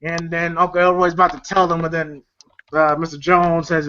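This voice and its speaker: A man's voice: fairly high pitch, completely flat delivery, moderate pace, bright, forceful tone. Casual guy reviewer, recaps scenes, rambling, slightly dull lo-fi audio. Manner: rambling, full of fillers and laughter. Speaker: movie reviewer. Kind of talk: casual retelling of film scenes.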